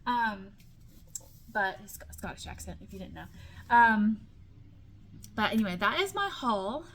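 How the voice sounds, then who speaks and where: A woman's voice: mid-range voice, sing-song, a little slow, a bit bright. Chatty woman book vlogger. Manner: chatty, many ums and restarts, light laughs. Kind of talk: casual chat.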